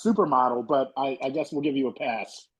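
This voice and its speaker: A man's voice: mid-range voice, fairly quick, husky, low-quality recording. A man co-hosting an interview, teasing the guest dryly and stammering as he starts his lines. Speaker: co-host. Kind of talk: casual interview banter.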